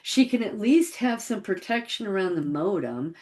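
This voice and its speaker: A woman's voice: mid-range voice, expressive, normal speed, darkish tone. A middle-aged woman recounting a personal story in a casual, reflective way, often quoting what she thought and said at the time. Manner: conversational, reflective, quotes her own past thoughts.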